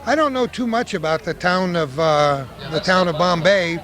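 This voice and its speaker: Older male interviewer, high voice, chatty and friendly, on the street. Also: normal speed, a bit bright. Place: outdoor street parade.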